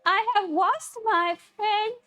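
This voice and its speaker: Very high-voiced woman making teasing asides. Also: slow, a bit bright, dry recording, soft background music. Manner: jokey, teasing side comments. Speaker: co-streamer. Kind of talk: casual chat over gameplay.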